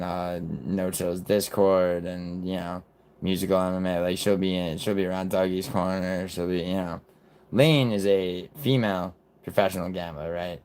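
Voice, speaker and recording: Low-voiced guy on a stream, blunt and sweary, mocking what he's watching. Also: clean tone. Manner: blunt, profane, scornful. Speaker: streamer reacting to videos. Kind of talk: casual live-stream commentary.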